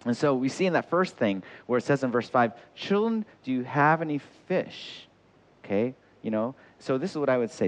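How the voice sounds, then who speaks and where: A man preaching a sermon in an animated way, acting out the voices he quotes. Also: mid-range voice. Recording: dull lo-fi sound.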